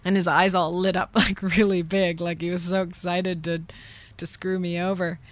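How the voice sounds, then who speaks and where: A woman's voice: on the low side, little pitch movement, no echo. A young adult woman hosting a podcast, telling a confessional story in a candid, rueful way. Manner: candid, rueful, acts out voices in quick whispers and shouts. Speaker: podcast host.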